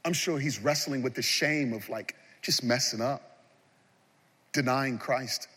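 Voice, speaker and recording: A man preaching a sermon as pastor of a large church, swinging between loud passionate appeals and hushed moments. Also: medium pitch, unhurried, husky, in a large hall.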